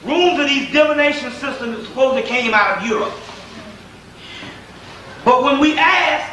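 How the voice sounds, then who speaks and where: A man with a high, bright voice lectures informally, rambling and circling back with frequent "um"s. He sounds far from the microphone in a very echoey room. A faint hiss sits underneath. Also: moderate pace, pauses often. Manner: rambling, repetitive, with many "um"s and restarts.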